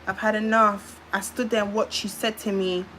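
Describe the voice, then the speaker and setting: A young British woman tells a winding personal story on a phone livestream, circling back and trailing off into repeated filler sounds. Her voice is middle-pitched, a bit bright and fairly flat, at a moderate pace. A faint hiss runs beneath her words, and the audio is poor.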